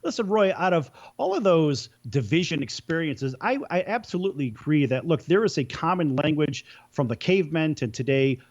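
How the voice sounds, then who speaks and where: A male talk show host asks questions in a chatty, lively voice. His voice sits fairly high and swings widely in pitch, and it is heard on a dull, lo-fi recording. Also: normal speed, few pauses.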